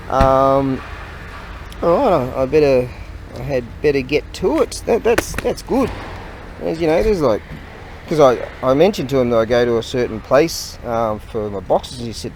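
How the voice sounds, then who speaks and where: A man's voice: medium pitch, animated, normal speed, darkish tone, slight background noise. A man chatting casually outdoors near a hardware store, rambling and laughing often. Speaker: vlogger and online seller. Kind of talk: casual chat.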